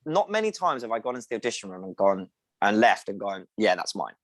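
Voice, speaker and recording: A young English actor talks about his career in a relaxed, chatty way, slipping into little voices when he quotes people. His voice sits low. The sound is dry and close. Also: quick pace, dry recording. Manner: animated storyteller, acts out quoted voices. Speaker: actor guest. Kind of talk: casual interview chat.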